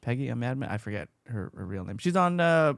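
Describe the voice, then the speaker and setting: A man from the USA hosting a casual podcast chat, upbeat and jokey, often trailing off quietly at the ends of his sentences. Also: medium pitch, big pitch swings, fairly quick, gravelly, no room sound, studio quality. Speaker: podcast host. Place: home studio, Long Beach, California. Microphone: podcast mic.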